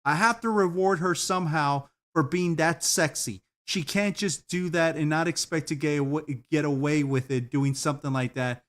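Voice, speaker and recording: Man, slightly high voice, streamer, casual video commentary, giggly, rambling, swears freely. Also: moderate pace, hardly any pauses, a bit bright. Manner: giggly, laughs often at what he watches; loose, profane and rambling.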